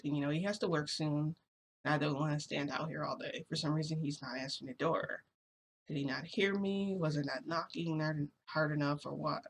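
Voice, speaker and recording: A woman's voice: low voice, a little fast, a little hiss or hum. A young woman vlogger telling a personal story in a casual, rambling way, full of fillers.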